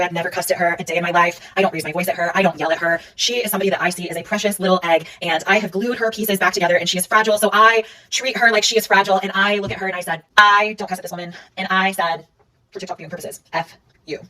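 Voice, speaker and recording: A woman telling a personal story in a casual monologue, rapidly recounting events and reading out text messages. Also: on the low side, steady tone, bright, forceful tone, far from the mic, low-quality recording.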